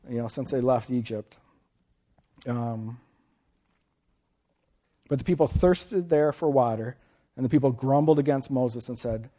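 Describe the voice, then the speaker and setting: A man's voice: mid-range voice, darkish tone. A man in his late thirties preaching an informal sermon, folksy and chatty, often checking in with his listeners. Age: late 30s.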